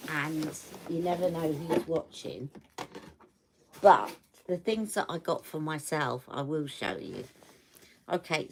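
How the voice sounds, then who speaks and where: A woman's voice: low voice, slight background noise. A woman hosting a beauty livestream from home, chatting casually and checking in with her viewers as she shows products. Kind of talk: casual live product review.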